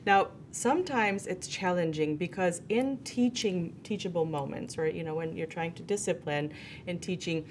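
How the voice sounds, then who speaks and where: A woman with a slightly low voice speaks as a talk show panelist. She reflects on her own experience, pausing to search for words. A faint rumble hums in the background.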